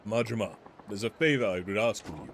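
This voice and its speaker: A calm, courteous master weapon smith speaking in formal, measured phrases, read aloud by a man. The voice stays composed, with a lively rise and fall. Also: lowish voice, slight background noise, pitched below the performer's own voice. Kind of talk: reading game dialogue aloud.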